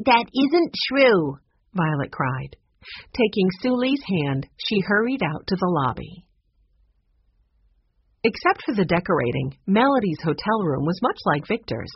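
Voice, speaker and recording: A woman narrating a children's chapter book with expressive, clear storytelling. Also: lowish voice, unhurried, slight background noise. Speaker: audiobook narrator. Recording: dull lo-fi recording.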